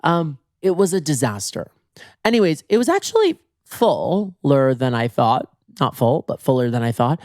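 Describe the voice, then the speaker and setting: A man hosting a podcast, telling a comedic story on his own in a casual, animated way, swearing freely and putting on exaggerated pitch jumps for quoted people. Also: normal speed, dry recording, clean studio sound. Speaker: podcast host.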